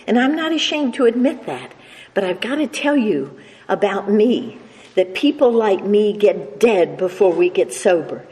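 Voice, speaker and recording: An older woman with a medium-pitched, darkish voice speaks a little slowly, her pitch swinging widely as she tells a humorous personal story to a recovery meeting. She has a slight stutter and restarts often, while the live audience laughs in a reverberant meeting hall with faint noise.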